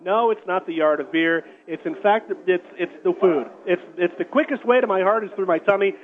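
A man's voice: high voice, fairly quick, few pauses. A man hosting a live radio food segment from a restaurant, jokey and effusive as he praises dishes and hypes prizes for listeners. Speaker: radio host. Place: restaurant, live remote broadcast. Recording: phone-like narrow band.

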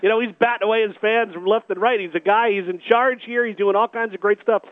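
Eager, fast-talking male radio host. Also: high-pitched, steady tone, dry recording. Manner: enthusiastic, effusive food descriptions. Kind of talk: live on-location radio chat. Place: inside a restaurant. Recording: narrow phone-like radio broadcast.

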